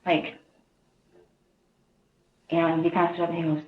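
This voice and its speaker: A woman recounting events in a rambling, halting way, often quoting others in a raised voice, heard on distant interview-room audio. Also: fairly low pitch, fairly even intonation, reverberant, phone-quality sound, slight background noise. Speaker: interviewee in police interrogation footage.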